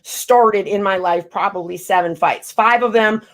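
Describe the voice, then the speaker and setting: A woman's voice: mid-range voice, unhurried, fairly bright tone. A woman in her thirties chatting as a guest rapper, telling stories animatedly, acting out quotes and swearing freely. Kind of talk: casual chat.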